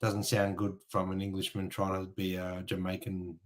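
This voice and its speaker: A man's voice: low-pitched, completely flat delivery, normal speed. A man co-hosting a casual album review chat, frank and a little hesitant. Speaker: co-host.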